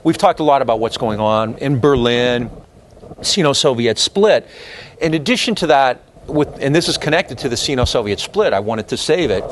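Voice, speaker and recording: A man giving a university history lecture in an animated, opinionated, conversational way, full of fillers and restarts. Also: medium pitch, normal speed, slight background noise. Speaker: history professor. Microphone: lecture hall recording.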